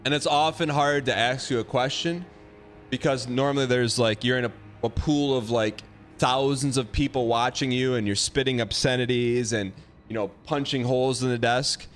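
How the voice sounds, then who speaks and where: A man streaming a game live, chatting casually with viewers in a rambling, halting, playful way. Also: medium pitch, fairly even intonation, slight background noise.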